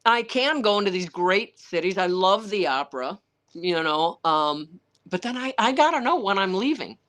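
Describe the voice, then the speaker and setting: A woman's voice: mid-range voice, lively intonation, normal speed, a bit bright. A woman author answering viewer questions on a livestream, telling candid, rambling stories in a blunt, salty way and acting out what other people said. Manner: blunt, salty, rambling anecdotes with occasional swearing; acts out other people's words in quoted voices.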